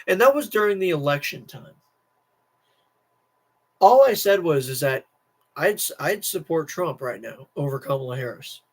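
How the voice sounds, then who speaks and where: A man's voice: a little high, animated, normal speed, pauses often. Tired teenage guy ranting on stream. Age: teens. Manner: restless, repeats himself, many restarts. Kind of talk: casual political rant to camera.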